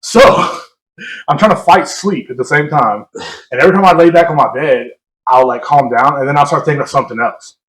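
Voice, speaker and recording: A man's voice: medium pitch, brisk, fairly bright tone. Rambling, laughing young man in echoey room. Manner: rambling, self-mocking, laughs often. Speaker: podcast co-host. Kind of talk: casual storytelling chat. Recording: roomy echo.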